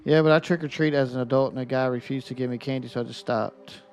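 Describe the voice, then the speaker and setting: A man's voice: medium pitch, steady tone, fast. A man casually commenting on a game during a live stream and chatting with his viewers by name.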